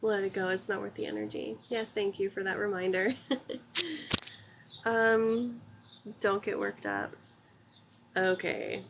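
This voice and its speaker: Blunt woman, thirties, live chat host, answers comments directly, mid pitch, faint hiss behind her. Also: lively intonation, takes it slowly, pauses often. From United States. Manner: blunt, opinionated, swears freely. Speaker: livestream host.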